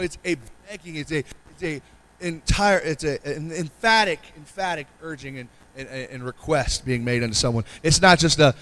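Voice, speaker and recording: A middle-aged pastor preaching a sermon in an earnest, repetitive way, pleading with the congregation and often asking "Amen?". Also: male voice, fairly high pitch, moderate pace, a bit bright.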